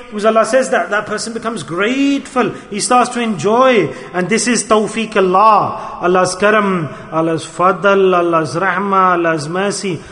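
A high, bright male voice delivers an earnest sermon, pressing his listeners with questions. The sound rings through a large hall with a long, echoing reverb. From United Kingdom. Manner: earnest, exhorting, questions the audience. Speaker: Sufi sheikh.

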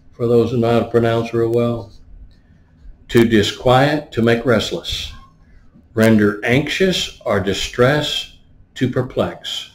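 A man's voice: mid-range voice, slow, reverberant. A man preaching a teaching sermon. He explains words one by one and often stops to ask "right?". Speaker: pastor.

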